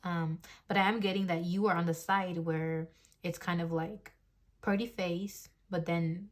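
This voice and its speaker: Brief: a woman in her early 20s doing a chatty tarot reading, slightly low voice, rambles and thinks aloud, phone mic at a desk. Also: fairly even intonation, unhurried. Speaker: tarot reader. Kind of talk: casual tarot reading to camera. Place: home desk.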